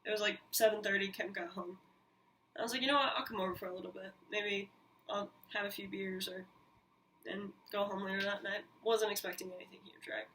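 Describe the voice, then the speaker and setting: A woman hosting her own podcast, telling a personal story in an animated, candid way, with frequent swearing and quick asides. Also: mid-range voice. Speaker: podcast host. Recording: mic a little distant, faint hiss.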